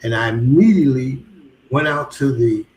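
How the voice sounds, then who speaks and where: A man's voice: medium pitch, moderate pace, a little mellow. A man telling his life story as a guest, animatedly acting out both sides of conversations. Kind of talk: casual spoken storytelling. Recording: roomy echo with faint background hum.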